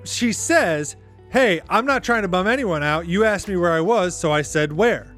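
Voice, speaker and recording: High-voiced man hosting a rambling podcast. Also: lively intonation, normal speed, a bit bright, faint music behind. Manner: rambling, exasperated, heavy use of "like". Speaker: podcast host. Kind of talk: casual reaction commentary.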